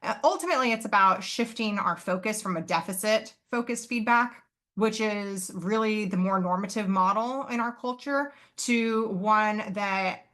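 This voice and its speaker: Wanita dosen cerah yang berbicara saksama. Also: female voice, mid-range voice, fairly bright tone. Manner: earnest, explanatory, with fillers and self-corrections. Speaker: psychology professor and presenter. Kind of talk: live online conference presentation.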